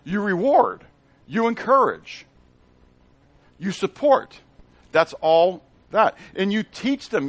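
A man with a fairly high-pitched voice gives a conversational Bible teaching, checking in with the audience, asking them questions, and repeating phrases. The recording has no echo.

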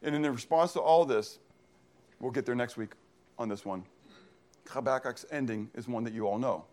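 A man's voice: medium pitch, moderate pace, a little mellow. A male pastor preaching a sermon in an emphatic style, often posing questions to the congregation and then answering them himself. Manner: emphatic, uses call-and-response questions.

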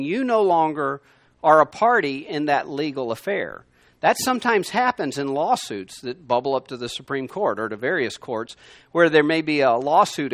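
A man teaching a Bible lesson to a room of listeners, conversational and emphatic, swinging between loud and quiet. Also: a little high, dry recording. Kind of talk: sermon. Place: room with a gathered class.

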